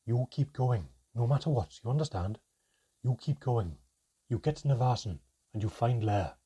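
A commanding goblin elder, put on by a man reading a storybook, talks in a low, urgent, firm way. His voice is deep-set and husky, with a dark, mellow tone. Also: moderate pace.

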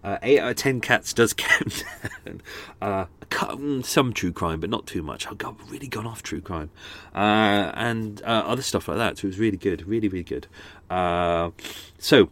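A man's voice: lowish voice, moderate pace, fairly bright tone. A man hosting his podcast in a casual, rambling chat, with a slightly blocked nose, recording close to the microphone on a houseboat. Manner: chatty and meandering, frequent restarts and asides. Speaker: podcast host. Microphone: studio microphone close up.

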